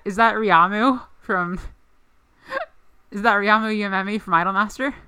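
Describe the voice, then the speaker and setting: A woman's voice: mid-range voice, steady tone, normal speed, sharp tone, a little hiss or hum. A woman co-hosting a podcast in casual chat, rambling with lots of "like" fillers. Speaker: podcast co-host.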